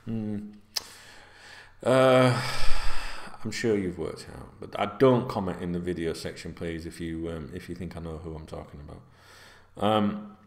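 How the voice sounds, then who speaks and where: Low-pitched and a little slow, a middle-aged man rambles casually at home, swearing and using lots of fillers. He's a football vlogger, recorded with a roomy echo.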